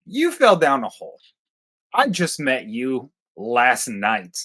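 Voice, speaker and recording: A man's voice: medium pitch, huge pitch swings, takes it slowly, fairly bright tone, husky. A man co-hosting a casual film review chat, blunt, profane and joking. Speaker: podcast co-host.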